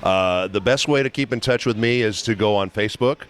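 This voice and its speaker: A man's voice: lowish voice, brisk, clear, resonant tone. A middle-aged male voice actor telling anecdotes in a convention interview, chatty and enthusiastic with many restarts. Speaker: voice actor guest. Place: convention venue. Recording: faint background noise.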